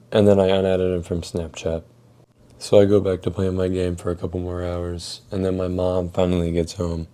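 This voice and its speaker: A man's voice: low-pitched, completely flat delivery, moderate pace, mellow. Laid-back young man telling a story. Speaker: storytime YouTuber. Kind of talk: casual storytime vlog.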